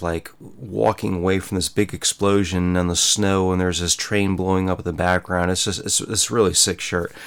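A man's voice: fairly low pitch, a bit bright. A man hosting his own show, delivering an indignant, opinionated monologue and repeating himself as he rants. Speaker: show host.

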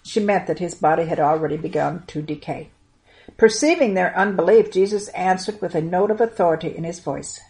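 A woman reading a Bible story aloud to children in an earnest, expressive way. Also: fairly low pitch, brisk.

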